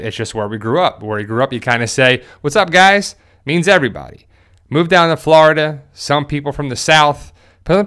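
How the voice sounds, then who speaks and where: A man's voice: medium pitch, a bit bright, smooth. Chatty middle-aged man. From New Jersey. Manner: chatty, rambling, storytelling. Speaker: YouTuber. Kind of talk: casual talking-to-camera vlog.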